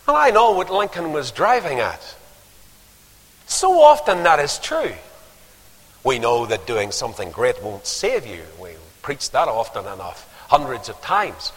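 Storytelling from the pulpit, this older preacher rises to forceful exhortation, his words echoing with long hall reverb in the church. He has a husky, mid-range voice whose pitch swoops wildly, and he talks a little slowly.

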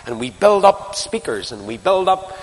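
A man's voice: sits high, sing-song, moderate pace. An older man preaching a sermon, telling stories with quoted dialogue and shifting his emphasis up and down. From Northern Ireland. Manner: storytelling with quoted dialogue, rising and falling emphasis. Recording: long reverb of a large hall.

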